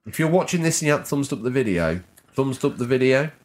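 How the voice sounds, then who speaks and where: A man's voice: medium pitch, lively intonation, fast. A man co-hosting a gaming podcast, teasing his co-host and reading out viewer messages in a playful, casual way.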